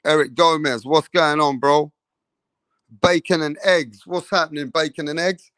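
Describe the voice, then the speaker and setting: A man's fairly high voice, loose and profane, hyping up his chat on a boxing livestream. The sound is dry and close, with little room in it. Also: steady tone, a little slow, dry recording. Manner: loose, profane, hypes up chat with shout-outs. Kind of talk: casual livestream chat reading comments.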